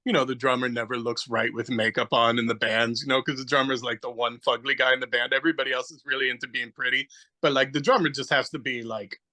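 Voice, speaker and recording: A man's voice: medium pitch, little pitch movement, fast talker, bright, forceful tone, rough recording. A man chatting casually on a podcast, rambling animatedly through a story, searching aloud for names and acting out little quotes. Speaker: podcast guest. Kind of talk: casual chat.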